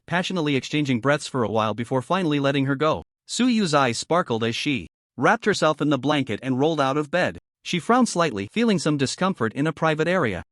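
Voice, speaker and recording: A man narrates a story recap from a script, keeping an even storytelling cadence. His voice sits somewhat high and moves a lot in pitch. The recording is close and dry. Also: no room sound.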